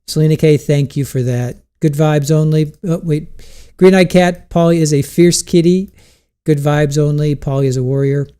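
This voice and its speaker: Chatty male livestream host, mellow voice. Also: fairly high pitch, steady tone, moderate pace, smooth. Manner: chatty, thanks viewers, laughs often. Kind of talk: casual chat reading viewer comments. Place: home room with cats.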